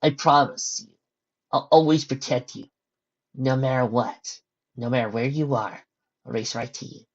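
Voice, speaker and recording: A brash tomboyish young pegasus mare, forceful and loyal, speaking up high and loud, as a reader acts her out. It is a pony storybook reading. The recording is muffled and lo-fi. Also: sing-song, fairly quick. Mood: tender. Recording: dull lo-fi recording.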